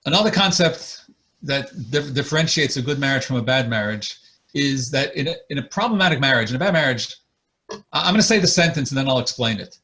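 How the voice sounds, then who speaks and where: A man of middle pitch lectures earnestly on marriage as a therapist, his voice coming through a video call. He talks in a plain, conversational way and stops often to act out short examples of couples talking. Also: animated, a little fast, bright, forceful tone. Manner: earnest, explains with acted examples. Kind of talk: online lecture.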